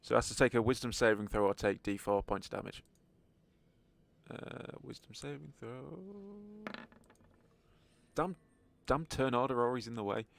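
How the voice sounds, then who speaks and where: A man's voice: mid-range voice, normal speed, gravelly, long pauses, no echo. A man narrating a tabletop game as game master, in a wry, joking manner.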